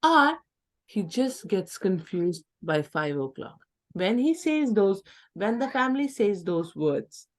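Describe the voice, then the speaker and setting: Woman lecturer, middle-aged, a little low voice, acts out patient lines. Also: gravelly. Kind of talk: classroom lecture.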